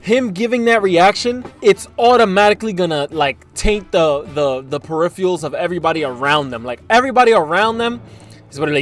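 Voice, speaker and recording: A young man reacts to clips with loud disbelief, circling back over the same points in easygoing slang. His voice sits a little high for a man. Faint music plays under his talk. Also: expressive, a little fast. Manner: exclaiming and incredulous, repeats himself. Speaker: co-host reacting to streamer clips. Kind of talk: casual reaction commentary.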